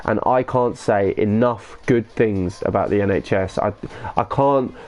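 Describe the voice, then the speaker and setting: While playing on a live gaming stream, a man chats loosely and excitably, reading viewer comments aloud and firing back slangy banter with the occasional swear. His voice is fairly low and a little slow.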